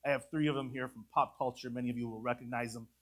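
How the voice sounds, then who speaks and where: A man's voice: mid-range voice, fairly even intonation, fast, a bit bright. A man preaching a sermon in church, emphatic, with many rhetorical questions. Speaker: pastor.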